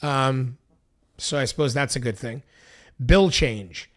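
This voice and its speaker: A man's voice: medium pitch, slow. A man on a stream reading a bill aloud line by line, breaking off into loose, casual asides full of fillers. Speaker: political commentary streamer.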